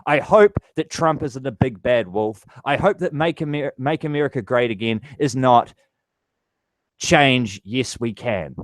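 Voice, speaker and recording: A man delivers a furious, foul-mouthed political rant to his camera. His pitch leaps and drops as he works himself up. The sound is dry, with no room echo. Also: lively intonation, measured pace. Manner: angry, profane ranting. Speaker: vlogger.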